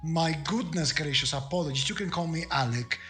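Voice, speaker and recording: A fretful, gushing lich who stammers through endless apologies, put on by a man. The voice has a bright, forceful edge and sits a touch high. Faint music plays behind him. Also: brisk. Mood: flustered apologetic. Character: flustered apologetic male lich in human form.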